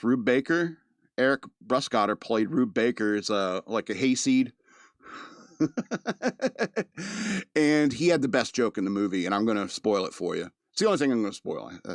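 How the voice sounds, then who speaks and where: A man's voice: mid-range voice, no room sound, studio quality. A man giving a casual, rambling movie review. He laughs often and acts out the characters' lines.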